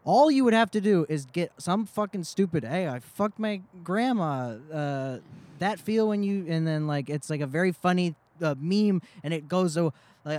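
A man's voice: high voice, a little mellow, no room sound. A man co-hosting a podcast in casual chat, rambling and swearing casually as he talks. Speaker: podcast co-host.

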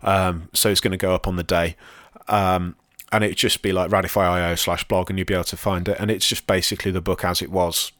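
A man's voice: deep voice, flat delivery, fairly quick, fairly bright tone, no echo, clean studio sound. A man co-hosting a podcast, chatting casually and rambling with plenty of ums and self-deprecating asides. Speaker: podcast co-host and conference speaker.

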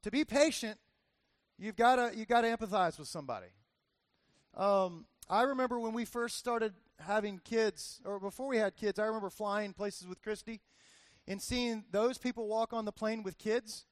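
A male pastor in his forties preaching in a loose, conversational way, peppering his talk with quick asides to the listeners. His voice sits high for a man, and the sound is close and dry with no room echo. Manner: conversational, chatty, frequent "like" and "right?" asides. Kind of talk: casual sermon with personal stories.

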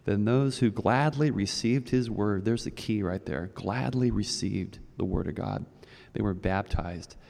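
A man preaches in a loose, storytelling way, doubling back on his words and filling pauses as he goes. His voice sits low and carries a gravelly fry. The sound rings out with the long reverb of a church hall. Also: darkish tone. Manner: storytelling, rambling with many restarts. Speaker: pastor. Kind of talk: conversational sermon. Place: church sanctuary.

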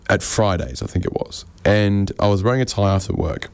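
A man doing a rambling, deadpan, self-deprecating stand-up monologue on radio. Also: on the low side, fairly quick, clear, resonant tone. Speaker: comedian.

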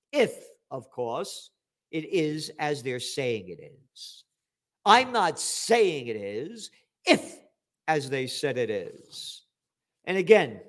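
Older male commentator, fiery profane rant, slightly high-pitched delivery. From United States. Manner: indignant, profane, swings from shouting to muttering. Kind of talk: ranting monologue commentary.

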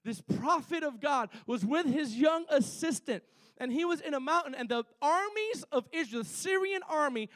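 A man's voice: very high voice, lively intonation, normal speed, a bit bright, dry recording. A male preacher delivering a fervent sermon to his church, repeating phrases and calling for amens.

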